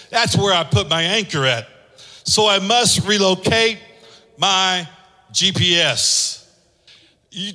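A man's voice: sits high, sharp tone. A man preaching a sermon with impassioned, sung-out lines, acting out voices in his stories. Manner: acts out voices in anecdotes. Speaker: pastor. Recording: long hall reverb.

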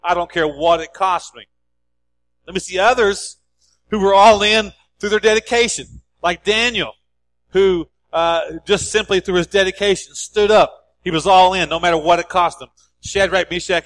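A man's voice: sits high, fairly even intonation, normal speed, fairly bright tone, no room sound. A male pastor preaching a sermon in an emphatic, repetitive style.

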